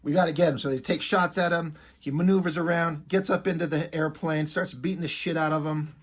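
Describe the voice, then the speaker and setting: A man casually reviewing a comic book, excited, with swearing and many fillers. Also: a little high, brisk.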